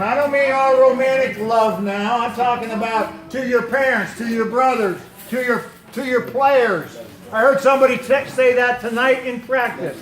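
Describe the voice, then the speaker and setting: A man with a high, light voice speaks as a pastor, quizzing his young listeners and repeating their answers back to them. He sounds like he is in a big echoey room. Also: moderate pace, fairly bright tone. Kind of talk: talk to a youth football team.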